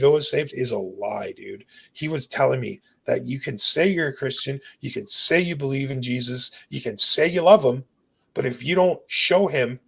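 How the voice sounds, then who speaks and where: Gravelly husky man telling his story. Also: mid-range voice, pushed and bright. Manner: casual, says "dude" and "bro" often; intense, earnest storytelling. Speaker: guest telling his near-death story. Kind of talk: emotional personal testimony.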